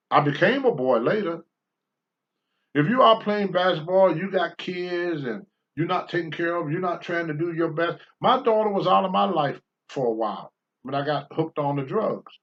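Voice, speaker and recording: A man's voice: a little high, animated, moderate pace, highs cut off. An older man hosting a talk show, answering viewer questions in a blunt, preachy monologue and swearing freely.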